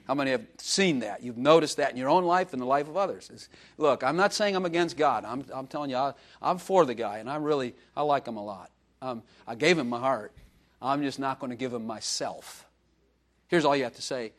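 A man preaching a sermon to a congregation in a church. He swings between loud emphasis and hushed asides, acts out quoted prayers and slips in humor. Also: medium pitch, animated, brisk. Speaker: pastor.

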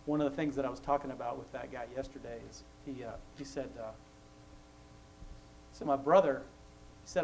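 A man's voice: medium pitch, steady tone, a little fast, creaky, long pauses, darkish tone, slight background noise, low-quality recording. A man sharing faith thoughts in a casual, chatty way, laughing often between points. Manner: chatty storytelling, laughs often, acts out quoted voices.

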